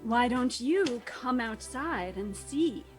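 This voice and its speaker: A woman voicing a lovesick female ocean liner in a comedy reading, soft and sing-song. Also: on the high side, expressive, slow, soft background music. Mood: eerie.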